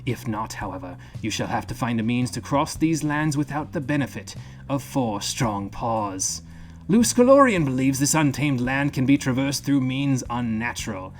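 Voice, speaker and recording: A man doing a gruff gravelly canine wanderer. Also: medium pitch, expressive, moderate pace, lightly acted. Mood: solemn. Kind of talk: game streamer reading in-game text aloud.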